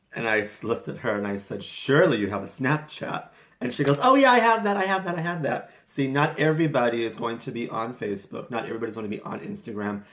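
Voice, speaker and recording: A young man talking casually to camera in a vlog, chatty and rambling. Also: on the low side. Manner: chatty and rambling, with restarts and quoted asides. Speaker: vlogger.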